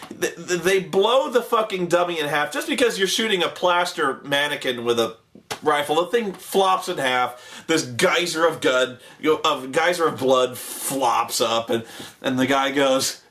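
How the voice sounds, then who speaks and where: A man rants with biting sarcasm and frequent swearing, his voice sitting high and swinging widely in pitch. He mocks the people he is talking about with overdone impressions, sounding exasperated. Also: a bit bright. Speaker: host reviewing a TV show. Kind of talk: ranting commentary.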